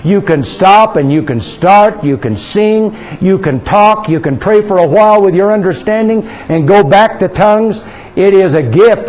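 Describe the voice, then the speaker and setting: A man with a high, light voice leads a charismatic prayer session. He talks fervently and intimately, coaxing his listeners to pray out loud. At times he drops into soft, slow speaking in tongues. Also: expressive, dull audio. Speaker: minister leading prayer.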